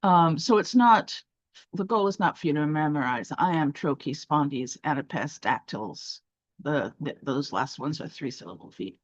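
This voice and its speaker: A woman's voice: sits low, lively intonation, moderate pace, no echo. A woman teaching a poetry class, explaining step by step with fillers and restarts. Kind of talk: online lesson. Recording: dry, dull lo-fi sound.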